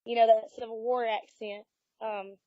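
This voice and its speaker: A woman's voice: fairly high pitch, moderate pace, no room sound. Southern woman telling a ghost story. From Alabama. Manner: animated storyteller, acts out quotes. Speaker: paranormal investigator guest. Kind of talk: casual storytelling interview. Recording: dull lo-fi audio.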